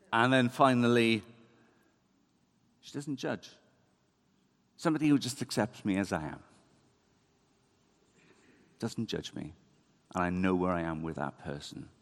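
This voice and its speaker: A man giving a conversational, animated sermon in a church. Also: medium pitch. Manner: conversational, animated, self-deprecating. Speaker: preacher.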